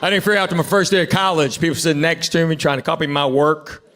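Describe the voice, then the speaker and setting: A middle-aged man from Tennessee doing a stand-up comedy set, telling stories and acting out quick quotes from his family. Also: fairly high pitch, noisy background. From Tennessee, USA. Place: theater stage before a live audience. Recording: live show with audience laughter. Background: audience laughter.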